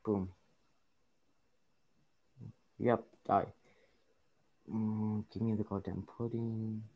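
A man with a fairly low voice talks over his gameplay, muttering and complaining whenever things go wrong. His commentary stays casual as he curses at the game and urges his characters along. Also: little pitch movement, slow, warm tone. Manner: frustrated, grumbling, swearing at the game. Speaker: gaming YouTuber.

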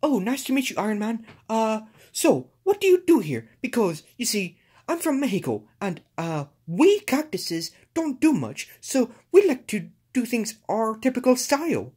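A woman's voice: fairly high pitch, sing-song, dark tone, breathy edge. A woman voicing a cheerful male cactus with a put-on Spanish accent, dropping Spanish words in home toy play-acting. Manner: sprinkles Spanish words, drawn-out "oh, see". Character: cheerful male Mexican cactus, friendly and easygoing.

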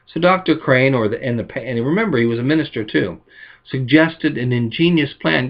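A man's voice: moderate pace, muffled recording. A male pastor preaching a sermon, telling illustrative stories in a folksy way and lifting his voice for quoted lines. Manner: folksy storytelling, voices quotes with rising pitch.

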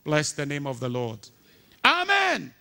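A man's voice: on the high side, lively intonation, moderate pace, a bit bright. A man preaching a sermon with passion, repeating rhetorical questions to the congregation.

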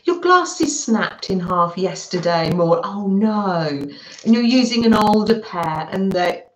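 A British woman hosting a live craft stream, warmly welcoming viewers by name and chatting as she works. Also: medium pitch, expressive, slow, roomy sound, slight background noise, poor audio. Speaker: craft livestream host.

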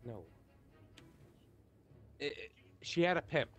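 A man's voice: a little high, lively intonation, takes it slowly, fairly bright tone, slightly rough, soft background music. A man joking and cutting in over voice chat during a gaming stream. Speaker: friend on voice chat.

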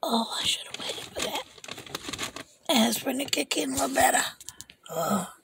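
An older woman, ranting as a delivery driver from her parked car in an animated, repetitive way, swinging from shouting to whispering. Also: high voice, moderate pace, gravelly, noisy background. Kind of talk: ranting vlog.

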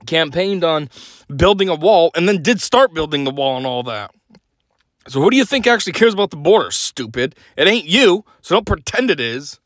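A man's voice: high voice, fairly bright tone, no echo. A young man hosting a podcast, delivering a blunt, sarcastic opinion rant. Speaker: podcast host.

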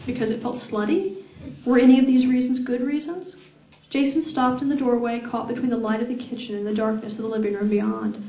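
A woman's voice: fairly high pitch, fairly even intonation, brisk, mellow. Woman reading fiction in an echoey hall. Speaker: author reading her novel. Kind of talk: live reading aloud of first-person fiction. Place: event hall. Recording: echoey room, far from mic.

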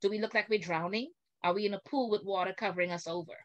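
Older woman guest on a video call, indignant and animated, acts out quotes, mid-pitched. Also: quick pace, lo-fi sound.

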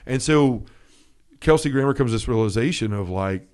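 A man retells a film scene on a casual faith podcast. He slips into the characters' lines as he goes, his pitch rising and falling freely, at an easy pace. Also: brisk. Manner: animated storyteller, acts out quotes. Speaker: podcast co-host.

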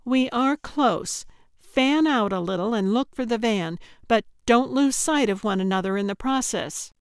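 A woman's voice: a little high, expressive, unhurried, clear, resonant tone, no echo, studio quality. A woman voicing a practical young woman who speaks in a reassuring, down-to-earth way.

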